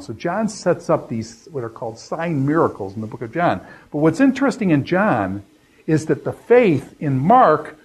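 Male Bible teacher, husky voice, mid-range pitch, relaxed lecturing with restarts. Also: poor audio. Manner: conversational, many fillers and restarts, quotes scripture. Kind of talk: unscripted classroom lecture.

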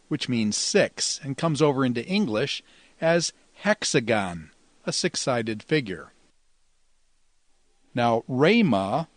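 A man explains Greek grammar in a steady, methodical teaching voice. He slows down to sound out each Greek example. The recording is dry and close, with no room echo. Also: mid-range voice. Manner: measured, explanatory, slows to pronounce Greek words.

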